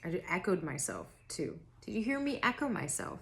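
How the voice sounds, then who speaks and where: A young woman doing a casual spiritual reading to camera, rambling and self-interrupting, her throat raspy and tired. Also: lowish voice, wildly swooping pitch, fairly quick, fairly bright tone. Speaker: tarot reader.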